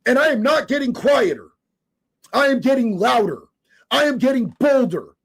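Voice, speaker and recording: High-voiced fiery male livestreamer. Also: expressive, moderate pace, breathy edge. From Oregon. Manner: fiery, profane, emphatic. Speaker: livestreamer reading viewer comments. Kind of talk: impassioned live-stream commentary.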